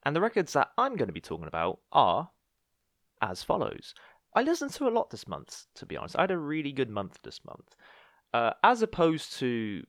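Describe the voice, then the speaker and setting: A man's voice: medium pitch, wildly swooping pitch, normal speed, a bit bright, no room sound, studio quality. A man hosting a podcast, talking casually in a rambling, self-mocking, jokey way. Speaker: podcast host.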